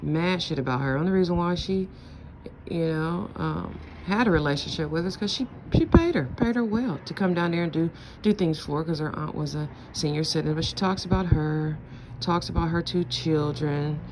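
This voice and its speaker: A woman's voice: sits low, moderate pace, noisy background. A middle-aged woman venting in a casual monologue, blunt, profane and rambling. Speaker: vlogger.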